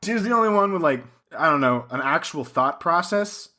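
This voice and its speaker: Here a young co-host's voice sits on the high side, sharp in tone, with lively intonation at a moderate pace. He banters casually on the podcast, swearing a lot and laughing as he acts out bits.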